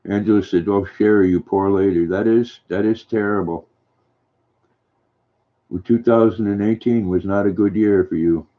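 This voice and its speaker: An older man with a deep, flat voice chats gently with viewers in a folksy way. His voice comes through dull, lo-fi stream audio. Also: normal speed. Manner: gentle, folksy, reads viewer comments aloud and answers them. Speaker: livestream host reading chat. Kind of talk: casual chat.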